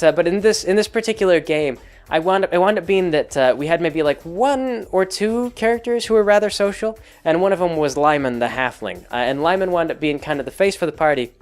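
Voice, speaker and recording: A man's voice: sits high, lively intonation, fairly quick, clean tone, soft background music. Rambling man recapping his game session. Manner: rambling, full of "like" and restarts; amused, laughs along as he tells it. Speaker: game master and host.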